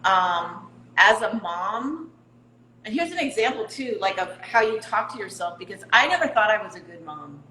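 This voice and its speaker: A woman's voice: medium pitch, lively intonation, moderate pace, bright, forceful tone, reverberant, slight background noise, rough recording. A middle-aged woman talking candidly as an interview guest, laughing at herself now and then. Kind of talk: casual interview talk.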